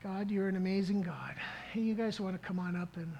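A man's voice: high voice, brisk, creaky, mellow, dull audio, slight background noise. A middle-aged man preaching a sermon as pastor, telling a story in an earnest way, with frequent restarts. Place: church service.

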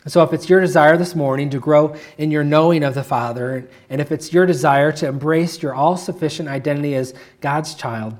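A man preaching a sermon, reading a moving story aloud. His delivery is measured, and he slows and drops to a hush on the key phrases. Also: on the high side. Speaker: pastor.

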